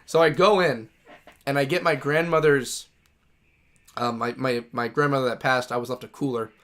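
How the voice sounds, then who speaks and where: A man's voice: mid-range voice, fairly even intonation, moderate pace, fairly bright tone. A man streaming a game, telling a long story in a loose, rambling way, restarting sentences and swearing freely. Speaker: gaming streamer. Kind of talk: casual storytelling while playing.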